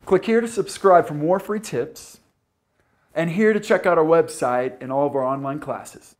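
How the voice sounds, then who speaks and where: A young man teaching English pronunciation in a scripted lesson, enunciating slowly and carefully. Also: a little high.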